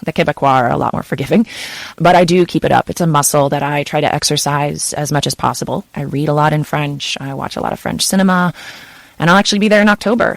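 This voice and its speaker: Gravelly-voiced chatty woman narrator. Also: low-pitched, no echo. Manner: chatty, filler-heavy with frequent "kind of" and "you know". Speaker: audiobook narrator. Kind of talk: casual interview answers.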